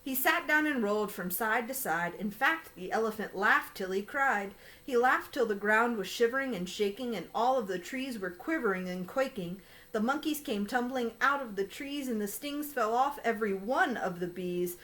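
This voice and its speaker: Storytime reader, woman, slightly high voice, lively rhyming read. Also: normal speed, few pauses. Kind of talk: reading a children's picture book aloud.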